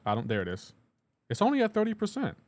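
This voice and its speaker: A man's voice: high-pitched, huge pitch swings, fast talker. A man streaming a game live, chatting casually, reading and answering chat aloud in a joking, teasing way.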